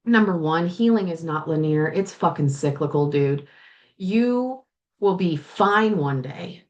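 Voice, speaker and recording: Woman coaching host, lowish voice, frank and foul-mouthed, speaks straight to the listener, near tears at moments. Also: animated, measured pace, lo-fi sound. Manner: candid and profane, swears freely, talks straight to the listener. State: tearful at times. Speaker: life coach and podcast host. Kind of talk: solo podcast monologue.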